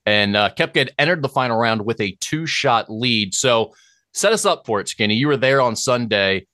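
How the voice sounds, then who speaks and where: Bright-voiced male sports co-host. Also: mid-range voice, no room sound, clean studio sound. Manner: sets up questions, recaps sports results. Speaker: podcast co-host. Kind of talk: casual sports chat.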